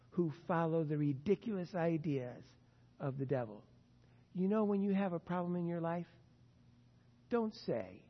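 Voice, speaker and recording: A man preaching a sermon as pastor, earnest and emphatic, his loudness rising and falling. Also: a little high, slightly rough, in a large hall, lo-fi sound.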